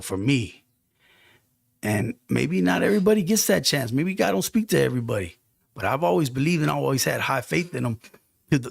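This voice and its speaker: Gravelly man telling an earnest testimony. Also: medium pitch, no echo, clean studio sound. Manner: earnest, heartfelt testimony with street slang. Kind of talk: casual storytelling.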